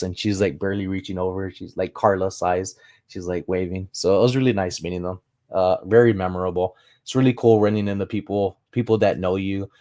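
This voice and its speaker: A man's voice: on the low side, a little mellow. A man hosting a casual livestream, telling rambling anecdotes with acted-out exchanges and reading through viewer chat. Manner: reads and answers viewer chat. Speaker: livestream host.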